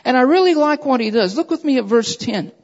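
A man's voice: very high-pitched, animated. Preaching man in an echoing hall. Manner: emphatic, repeats phrases, addresses listeners as beloved; reads scripture aloud in a measured way. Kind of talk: sermon. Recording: dull lo-fi recording in a reverberant hall.

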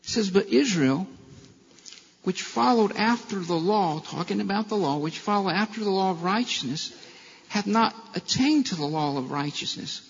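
A man's voice: high-pitched, expressive, normal speed, gravelly, a little hiss or hum. A male pastor preaching a sermon with impassioned delivery and rhetorical questions, in a church. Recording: long hall reverb, dull lo-fi sound.

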